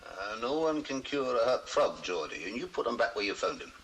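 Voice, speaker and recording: An actor playing a stern, embittered middle-aged country vet, curt and dismissive, in 1960s film acting. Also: male voice, medium pitch, sing-song, fairly quick, a bit bright, slight background noise, rough recording. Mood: brusque. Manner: brusque, dismissive. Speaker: veterinarian.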